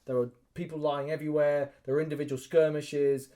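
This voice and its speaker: A man's voice: a little high, flat delivery, brisk, mellow. A man, co-hosting a podcast and telling stories animatedly, swearing and acting out quotes. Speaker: podcast co-host. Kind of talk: casual chat, storytelling.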